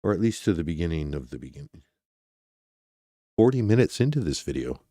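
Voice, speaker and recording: Deep-voiced man hosting a chatty stream. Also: sing-song, brisk, mellow, dry recording, studio quality. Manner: chatty and rambling, talks to his chat. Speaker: true crime livestream host. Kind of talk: casual livestream commentary.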